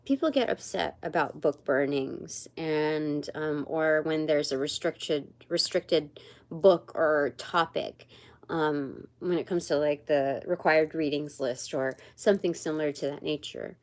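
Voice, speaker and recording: Woman, tarot reader, live stream, low voice, very slow, meandering, lots of pauses and fillers. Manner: searches aloud for words. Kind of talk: livestreamed spiritual card reading.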